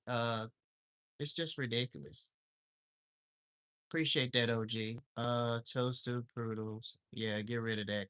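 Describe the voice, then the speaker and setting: A man's voice: medium pitch, pushed and bright. A man talks on a casual livestream in a blunt, exasperated rant. He swears freely and circles back to the same complaints again and again. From lives in Alaska. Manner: blunt and ranting, with profanity; repetitive and exasperated.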